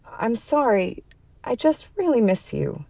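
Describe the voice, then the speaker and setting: A bitter, lonely divorced woman with a raised, strained voice. She pleads and goes shrill when pushed, voiced by a woman reading the story. The recording is close and dry. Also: big pitch swings, measured pace, vocal fry, dark tone, dry recording, exaggerated voice. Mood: hurt.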